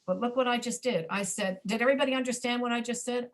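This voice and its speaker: A woman's voice: on the high side, fast talker. A woman teaching a pronunciation class over a video call, demonstrating reduced speech and often checking that students understand.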